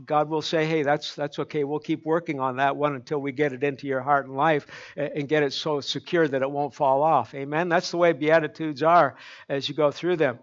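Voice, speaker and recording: A man's voice: a little high, little pitch movement, brisk, dull audio. A man from Canada preaching a folksy sermon, chatty and joking with the congregation. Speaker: pastor.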